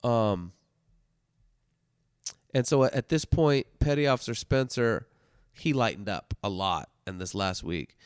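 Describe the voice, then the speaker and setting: A man hosting a podcast, telling a story in a loose, heavily swearing way, swinging from loud bursts to hushed asides. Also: mid-range voice, unhurried, long pauses, clear, resonant tone, no echo, studio quality. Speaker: podcast host telling stories. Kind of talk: casual storytelling monologue.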